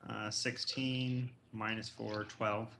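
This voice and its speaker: Man, tabletop player, hesitant, slow, faint noise. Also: lowish voice, level tone, creaky, sharp tone. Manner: hesitant, lots of ums. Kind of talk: casual game talk.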